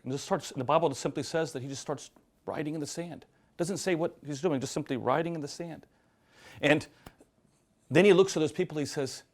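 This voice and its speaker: A man, a priest, giving a sermon to a live audience, telling stories with acted quotes and moving between loud emphasis and hushed, quiet lines. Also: a little high.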